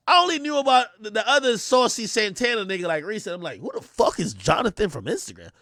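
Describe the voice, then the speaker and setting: A young man telling a story on his livestream, excitable and loud, acting out the voices he quotes. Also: sits high, quick pace, dry recording, studio quality. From Jamaica. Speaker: streamer.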